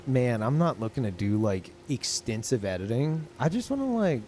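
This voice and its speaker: A man talking casually to his live-stream chat, who calls his own voice monotone. He rambles with many fillers and restarts and swears often. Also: medium pitch, normal speed, slight background noise. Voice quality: self-described monotone.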